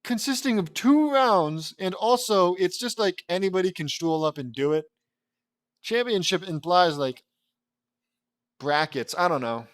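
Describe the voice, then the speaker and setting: A man's voice: high-pitched, animated, a little slow, long pauses, dry recording. A young man reading a fan story aloud, breaking off into sarcastic, exasperated asides to mock the writing. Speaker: fanfiction reader and commentator. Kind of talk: mocking read-aloud commentary.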